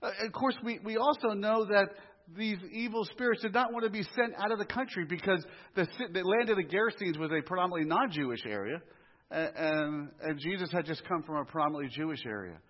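Male pastor, high husky voice, muffled live sermon recording. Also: a little fast. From US inner city. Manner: animated, conversational preaching with asides and humor. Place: church sanctuary. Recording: muffled live church audio, long reverb.

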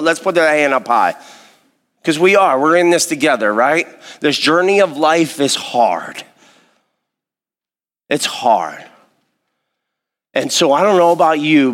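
A man preaching a sermon, reading scripture and earnestly asking the congregation questions. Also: mid-range voice. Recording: long hall reverb.

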